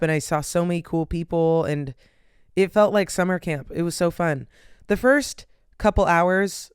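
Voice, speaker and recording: Young woman podcast host, tired and yawning, loose rambling chat; very smooth, resonant tone, dry close sound. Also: low voice, no room sound. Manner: rambling, lots of "like" and "um". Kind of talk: casual solo chat.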